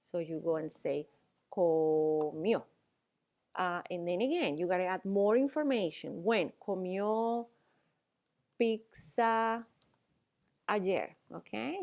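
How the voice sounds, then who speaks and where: A woman's voice: medium pitch, lively intonation, creaky, a little mellow. Patient woman teaching, checking in often. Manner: explains slowly with frequent "okay?" and "all right?" checks. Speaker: Spanish teacher. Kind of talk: classroom lecture.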